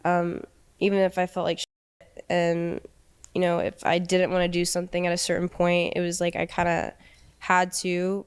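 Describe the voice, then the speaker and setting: A young woman in an interview telling a painful personal story in a halting, emotional way, with many restarts. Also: lowish voice, smooth. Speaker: interview guest.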